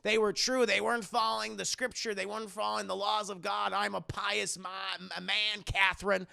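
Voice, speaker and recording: A man's voice: high voice, level tone, a little fast, gravelly, pushed and bright, smooth, no room sound, clean studio sound, voice pushed up, exaggerated voice. A man voicing a stern, pious Puritan father who defends himself in a movie recap. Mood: righteous.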